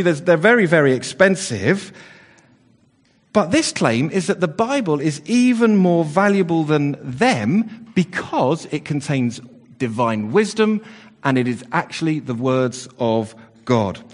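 A man's voice: a little high, big pitch swings, a little slow. A man leading an all-age church service, chatty and playful with the children, with lots of fillers and restarts. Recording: long church reverb.

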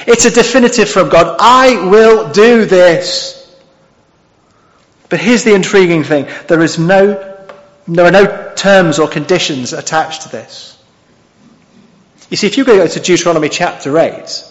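A male preacher giving an expository sermon, often asking the congregation questions. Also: a little high. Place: church hall. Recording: dull sound with long hall reverb.

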